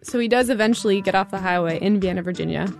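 A woman's voice: medium pitch, fast talker, creaky, faint music behind. Woman casually recounting a story. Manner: casual, uses "like" often. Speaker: reporter telling a story. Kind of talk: conversational storytelling.

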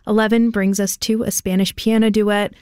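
A woman's voice: medium pitch, little pitch movement, moderate pace, darkish tone, clear, resonant tone, dry recording. Woman radio host, dry studio mic, chatty playlist preview. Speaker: midday classical music radio host. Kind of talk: radio announcing. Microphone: studio microphone.

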